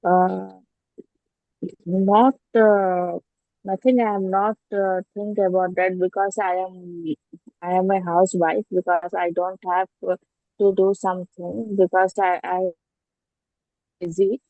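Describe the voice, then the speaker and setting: A woman learning English, talking in an online class with many pauses and restarts. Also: on the low side, little pitch movement, dry recording, narrow, tinny audio. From India. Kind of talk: English speaking practice. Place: at home. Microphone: online class audio.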